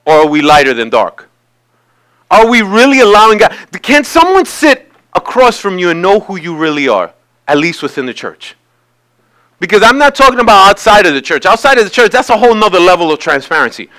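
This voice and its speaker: A man's voice: sits high, big pitch swings, a little fast, bright, forceful tone. A male pastor giving a sermon, talking conversationally and building to emphatic peaks. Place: church sanctuary.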